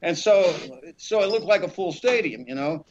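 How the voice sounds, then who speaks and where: A middle-aged actor from Alabama telling rambling, animated stories in a podcast interview, acting out quotes with many fillers. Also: male voice, high voice, moderate pace, muffled recording. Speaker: actor guest.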